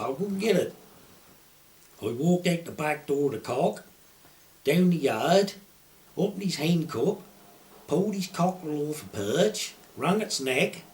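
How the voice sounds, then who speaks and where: Older Suffolk countryman, a fairly high voice, a rural yarn-spinner who does the voices of the people in his stories. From Suffolk, England. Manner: broad rural dialect, acts out quoted dialogue. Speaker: retired poacher. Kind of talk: anecdotal storytelling.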